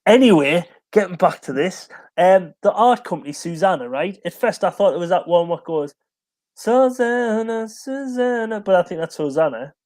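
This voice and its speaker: Casual streamer, male, tired, giggly, high voice. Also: brisk, few pauses, darkish tone. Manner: chatty, giggly, rambling. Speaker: co-host of a music live stream. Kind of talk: casual chat.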